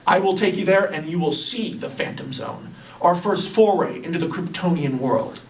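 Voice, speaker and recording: A man's voice: sits high, expressive, moderate pace, distant mic. A man voicing a smug, scheming male billionaire villain who speechifies grandly. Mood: persuasive. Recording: roomy, away from the mic.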